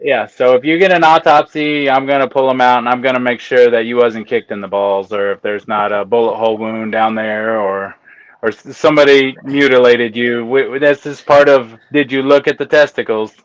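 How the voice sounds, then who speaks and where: A man telling stories as a guest in a casual interview, animated and laughing as he talks. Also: medium pitch, moderate pace, clean tone, no room sound. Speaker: guest, autopsy technician. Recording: dull lo-fi sound.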